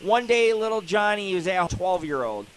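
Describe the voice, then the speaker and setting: A man's voice: high-pitched, sing-song, normal speed, a bit bright, slight background noise, poor audio. A man hosting a live internet radio show, ranting in a rambling, profane, joking way.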